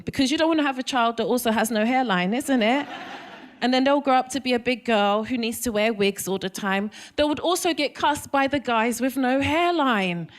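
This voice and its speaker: A woman in her thirties with a London accent, doing a stand-up comedy set and teasing the crowd with questions. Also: on the high side. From England. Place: comedy club stage.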